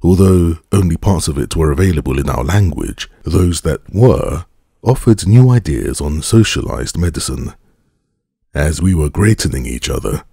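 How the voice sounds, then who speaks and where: Male audiobook narrator, very deep and husky voice, gravelly, dry close studio sound, measured formal telling. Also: mellow, no echo.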